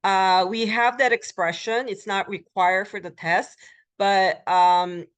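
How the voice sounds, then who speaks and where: A woman lecturing as a Korean language instructor, explaining step by step with frequent ums and uhs and repeating phrases slowly for learners. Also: mid-range voice, fairly even intonation, clear, resonant tone. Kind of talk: recorded college lecture.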